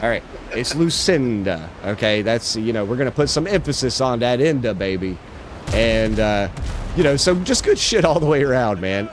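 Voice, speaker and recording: A laid-back male livestreamer chats casually while gaming, his mid-range voice animated and moderately paced. He's slangy and profane, tossing around plenty of "bro" and "dude," over a faint noisy background.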